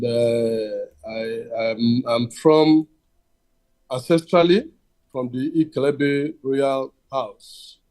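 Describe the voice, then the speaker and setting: Measured Nigerian lawyer on a video call. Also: male voice, mid-range voice, darkish tone. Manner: measured, halting, with restarts. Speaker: guest, lawyer. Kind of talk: self-introduction on a video call.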